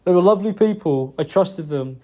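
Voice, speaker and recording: A man making a halting, remorseful apology in a private recording, with many pauses and restarts. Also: high-pitched, animated, noisy background. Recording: dull lo-fi recording.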